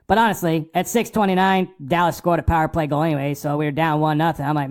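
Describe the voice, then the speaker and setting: A man hosting a casual hockey podcast, recapping games in excitable, profane fan talk and acting out his own remarks. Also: a little high, fast, hardly any pauses, smooth.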